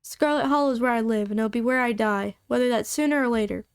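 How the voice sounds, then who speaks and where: A folksy old miner with a put-on Southern drawl, gruff and unhurried, as a woman reads him aloud. The voice sits high for a man, and the recording is close and dry, with no room sound. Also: no room sound, lightly acted.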